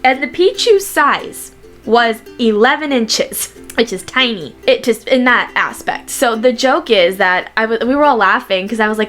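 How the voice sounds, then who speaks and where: A young woman vlogger chatting casually to camera, telling stories and quoting people in lively voices. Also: on the high side, normal speed, soft background music.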